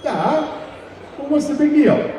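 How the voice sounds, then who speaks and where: A man's voice: extremely high pitch, lively intonation, slow pace, warm tone, very echoey, big-room sound, recorded from a distance, lo-fi sound, some chatter behind, slight background noise, pitched above the performer's own voice, exaggerated voice. A man voicing a boastful, spry ninety-three-year-old jogger in a joke, telling it breezily. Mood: breezy.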